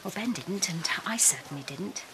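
A bright, cutting voice sitting a little high, a scheming soap villainess who smothers threats in sweetness. She needles a child with false charm and turns self-pitying when cornered. The tone stays polished and tense. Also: a little fast, slight background noise. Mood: defensive. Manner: sugary menace turning to self-pity. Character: scheming, manipulative woman, spiteful villainess. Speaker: Ben's father's scheming partner. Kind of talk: soap opera acting.

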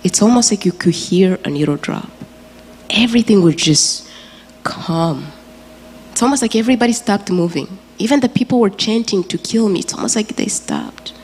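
A woman from Rwanda, speaking as a guest in a large church auditorium, gives an earnest and emotional personal testimony. Her voice is medium-pitched and expressive, with a darkish tone and a moderate pace, and there is slight background noise. The reverberant hall carries a faint ambience.

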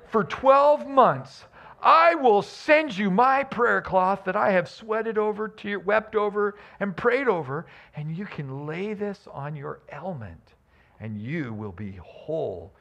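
A man voicing a greedy male charlatan preacher with a hard-selling, pleading pitch. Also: creaky, a bit bright, full character voice.

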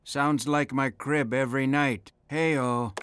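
A man's voice: mid-range voice, fairly even intonation, slow pace, fairly bright tone. A man voicing a crude, joking male poker buddy in an adult cartoon.

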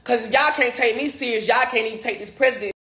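A man with a high, bright, edgy voice rants and begs his viewers to share his video. He swears freely and circles back to the same pleas again and again. The room around him rings with echo. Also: quick pace. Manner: pleading, repetitive, swearing. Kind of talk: livestream rant. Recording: echoey room.

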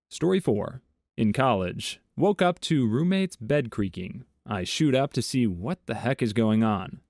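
A man reading online stories aloud in a measured, even tone, adding his own commentary between them. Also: lowish voice, dry recording, clean studio sound. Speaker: story narrator.

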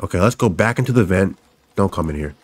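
A young man narrates his own horror game run. He is jumpy and profane, and he repeats short phrases again and again as the game pushes him around. His voice sits a bit on the low side. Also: expressive, fast talker. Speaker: gaming YouTuber. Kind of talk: let's play commentary.

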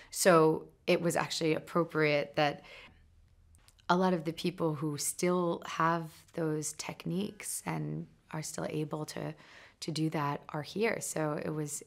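A woman speaking in a thoughtful, halting way with restarts, giving a promotional interview soundbite as a film crew member. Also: low-pitched, vocal fry.

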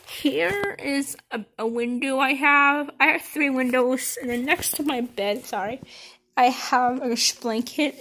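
A woman's voice: on the high side, fairly bright tone, slight background noise. A teenage girl giving a casual tour of her bedroom, rambling with lots of fillers and restarts, recorded on a handheld phone camera. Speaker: vlogger.

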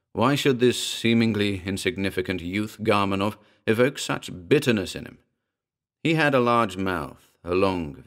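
A man giving a measured, grave, scripted narration of a horror story. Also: sits low. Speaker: audiobook narrator.

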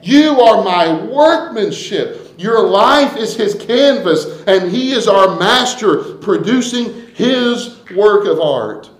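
A man preaching a sermon as pastor, swinging from hushed asides to loud, emphatic declarations. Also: sits high, expressive, takes it slowly, few pauses, roomy sound, low-quality recording. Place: church sanctuary.

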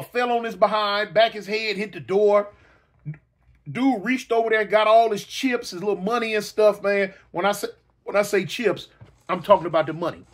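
Brief: middle-aged male storyteller, high voice, animated, hiccups. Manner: animated, repetitive, with sound effects. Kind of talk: casual storytelling.

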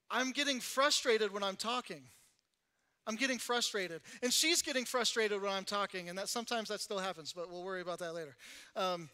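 A young male pastor delivers a conversational, animated recovery sermon in church, laughing at himself along the way. His voice is high-pitched and clean.

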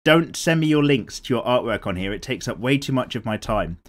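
A man's voice: mid-range voice, expressive, fairly quick. A young British man hosting a drawing show, reading out viewer comments in a rambling, casual way, swearing freely and laughing often. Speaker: art channel host.

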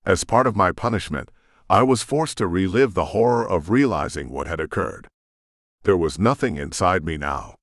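A man's voice: sits low, animated, normal speed, dry recording, clean studio sound. A man giving dramatic, brooding first-person audiobook narration.

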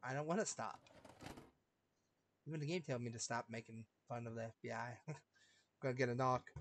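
A man giving joking, slangy commentary over a game, laughing often and swinging between loud outbursts and mutters. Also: mid-range voice, moderate pace, pauses often. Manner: goofy, slangy, laughs a lot, jumps loud and quiet. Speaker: gaming streamer.

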